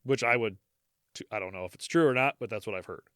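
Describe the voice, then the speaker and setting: Smooth-voiced American man, easygoing. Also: fairly low pitch, quick pace, a bit bright. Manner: easygoing, reads the show's sign-off. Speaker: podcast co-host. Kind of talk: casual chat.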